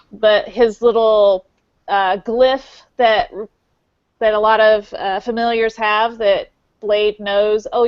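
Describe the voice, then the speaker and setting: Woman podcast co-host, slightly high voice, unhurried rambling recap, lo-fi audio. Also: clean tone, no room sound. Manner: rambling plot summary with many fillers. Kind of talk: casual movie recap chat.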